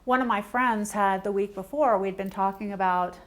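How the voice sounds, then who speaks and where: A woman at a middle pitch gives a conversational training talk to a small group. She speaks animatedly, acting out everyday exchanges in quoted voices and putting direct questions to the audience. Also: normal speed. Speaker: workshop presenter.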